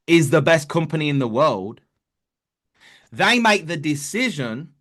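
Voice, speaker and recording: His voice sits high and fairly bright as he runs a network marketing pep talk on an online call. The delivery is loose and casual, full of restarts and peppered with "bro" and "man."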